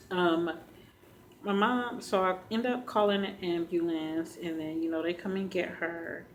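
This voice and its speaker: Woman vlogger, lowish voice, halting and earnest storytime telling, faint hum behind. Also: rough recording. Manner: earnest, addresses viewers directly; halting, emotional retelling. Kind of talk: personal storytime vlog.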